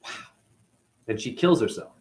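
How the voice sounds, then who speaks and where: A spiritual teacher retelling a story in a lively way and often asking his listeners questions. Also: normal speed. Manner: lively, asks the audience questions. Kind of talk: animated storytelling talk.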